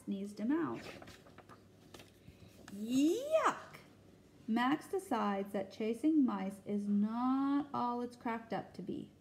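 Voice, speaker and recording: Woman teacher, storytime read-aloud over video call, high and very slow. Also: gravelly. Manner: slow, animated storytelling with questions to listeners. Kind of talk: reading a picture book aloud to children.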